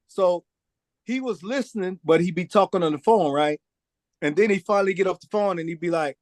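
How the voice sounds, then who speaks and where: Brisk and high-pitched, a man's voice comes through in studio quality without echo. As a record producer guest in a relaxed interview, he tells a long, animated tale, acting out the people's voices and using "man" often.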